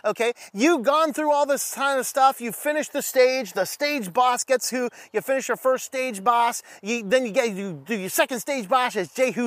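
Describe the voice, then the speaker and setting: A man's voice: very high voice, normal speed, hardly any pauses, no room sound. A man teaching a casual Bible study, reading scripture aloud and acting out the dialogue with jokes. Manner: animated, joking, reads scripture aloud, acts out dialogue.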